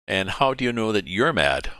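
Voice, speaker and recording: A man's voice: lowish voice, big pitch swings, normal speed, bright, forceful tone, smooth, no room sound, pitched above the performer's own voice. A man voicing a polite, curious young girl in a storybook reading, asking timid questions in a raised voice.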